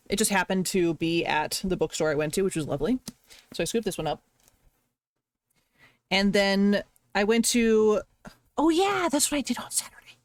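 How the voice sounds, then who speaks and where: A woman's voice: medium pitch, dry recording. A woman streamer chatting casually, rambling and gushing over the little things she enjoyed. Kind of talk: casual chat on a live stream.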